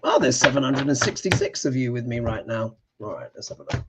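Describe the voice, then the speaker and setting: A man's voice: medium pitch, lively intonation, fairly quick, very noisy. A man hosting a live astrology show, reading tarot cards and ranting with emphatic passion.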